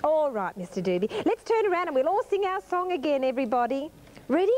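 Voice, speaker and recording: A woman's voice: high-pitched, big pitch swings, fast talker, a little mellow, a little hiss or hum. A young Australian woman presenting a 1980s children's TV show, talking to small children in a gushing, coaxing, exclamatory sing-song. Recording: 1980s TV studio, music behind.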